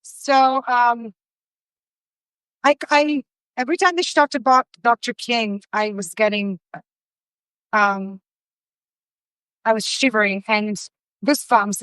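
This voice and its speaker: A woman's voice: a little high, fairly bright tone, no echo, rough recording. Effusive woman chatting while she cooks. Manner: chatty and effusive, reads viewer comments aloud. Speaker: host of a live cooking stream. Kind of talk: casual live-stream chat while cooking. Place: home kitchen.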